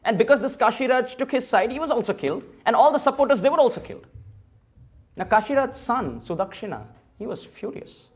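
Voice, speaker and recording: A man's voice: very high-pitched, sing-song, fairly quick. A man giving a temple sermon, telling a sacred story and acting out the dialogue of its figures. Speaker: temple speaker. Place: temple hall.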